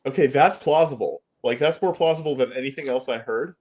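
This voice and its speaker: A man's voice: medium pitch, fairly quick, a little mellow. A man co-hosting a stream in casual chat, rambling and hedging with playful asides.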